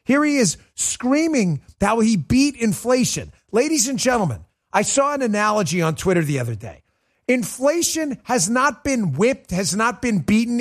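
Emphatic, sarcastic male political host. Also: very high-pitched. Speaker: political talk show host. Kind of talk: livestreamed political commentary.

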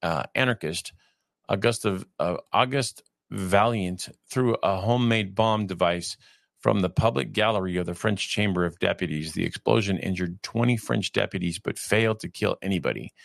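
A man in his fifties from California, reading a text aloud and breaking off into halting, conversational asides. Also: deep voice, vocal fry, dry recording, studio quality. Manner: reads evenly, then digresses in a halting conversational way. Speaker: reader and commentator.

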